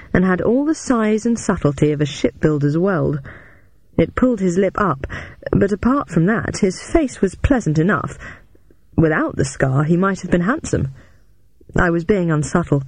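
A narrator reading a first-person novel aloud in an even, measured way. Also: male voice, fairly high pitch, no echo. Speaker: audiobook narrator.

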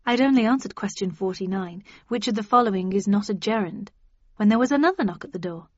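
Casting: woman audiobook narrator, mid-pitched, expressive, dry dull studio sound. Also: fast, no echo. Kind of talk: scripted first-person narration.

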